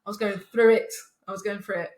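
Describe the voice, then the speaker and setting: A woman's voice: mid-range voice, level tone, fast, a little mellow, echoey room. A woman in her twenties co-hosting a podcast, telling a story in casual chat with swearing and laughs. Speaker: podcast co-host.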